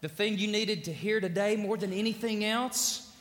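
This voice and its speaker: A pastor preaching a sermon in a large church, quoting scripture with a preacher's rising cadence. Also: male voice, high-pitched, normal speed, fairly bright tone. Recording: church reverb.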